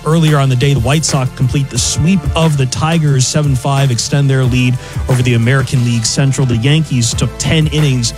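Male sports news anchor, brisk score-reader with casual asides, music bed clearly under him. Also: medium pitch, steady tone. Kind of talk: reading a sports news update.

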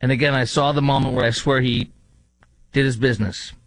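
A man's voice: mid-range voice, steady tone, brisk, no echo. A man hosting a talk show, giving political commentary with sarcastic, mocking asides.

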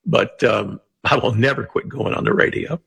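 A gravelly older man with a raspy, rough edge to his voice talks earnestly as a radio interview guest. He speaks plainly and repeats his points for emphasis. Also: medium pitch, moderate pace, fairly bright tone. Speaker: radio guest, former network radio executive.

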